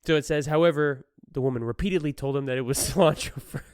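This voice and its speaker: Guy doing a solo podcast, kinda high voice, keeps cracking up, dry room. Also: quick pace, a little mellow, smooth, no echo. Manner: laughs often while retelling a news story. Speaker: podcast host. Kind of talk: casual solo podcast commentary.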